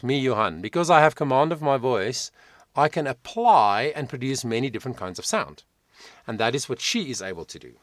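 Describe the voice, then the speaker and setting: Lively, emphatic male vocal coach. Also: mid-range voice, moderate pace, no echo, clean studio sound. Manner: reflective, emphatic, explanatory. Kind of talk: reaction video commentary.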